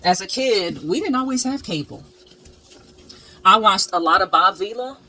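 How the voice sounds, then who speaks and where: A woman hosting a DIY channel, telling stories and chatting to camera at home in a candid, animated, slangy way, cheering her viewers on. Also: mid-range voice, moderate pace. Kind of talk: casual storytime chat to camera. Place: at home, moving between rooms.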